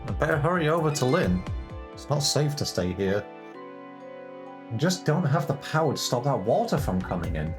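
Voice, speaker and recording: A woman's voice: a bass voice, very animated, normal speed. A woman voicing an earnest male ghost narrator, reading game dialogue aloud over game music. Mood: anxious.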